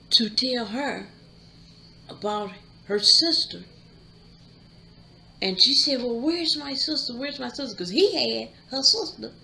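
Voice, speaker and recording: A woman's voice: a little high, creaky, sharp tone, low-quality recording. A woman hosting her channel, chattily retelling a movie plot with asides. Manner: chatty, drawn-out storytelling with asides. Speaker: YouTube channel host.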